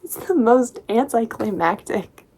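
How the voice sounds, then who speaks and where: A woman's voice: on the high side, animated, measured pace, a little mellow, husky. A young woman casually recapping a novel as a book reviewer, with sarcastic, laughing asides.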